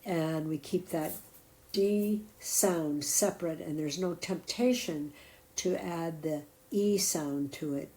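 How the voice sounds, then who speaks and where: Mellow-voiced woman explaining an app. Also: low-pitched, slow, low-quality recording. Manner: patient, explanatory, tapping through settings step by step. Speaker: app demonstrator. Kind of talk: scripted product walkthrough narration.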